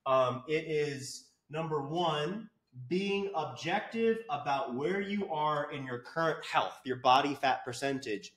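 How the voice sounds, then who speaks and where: A man's voice: a little high, expressive, slow pace, fairly bright tone. A man ranting crudely to camera as a fitness coach, swearing and mocking his viewers. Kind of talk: profane comedic rant to camera.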